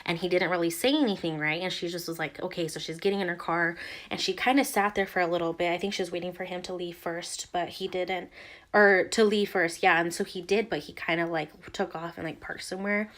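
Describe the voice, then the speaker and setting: This young woman vlogger has a lower, fairly bright voice, a steady tone, and a fairly quick pace. Recounting a tense morning casually, she rambles with lots of "like"s, other fillers, and restarts.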